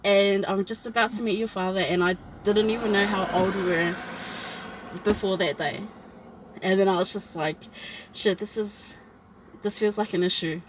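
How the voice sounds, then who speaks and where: A woman's voice: medium pitch, moderate pace, noisy background. A woman, telling a personal story in a casual chat and acting out what people said. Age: 20s. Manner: animated storytelling, acts out quoted lines. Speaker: vlog host.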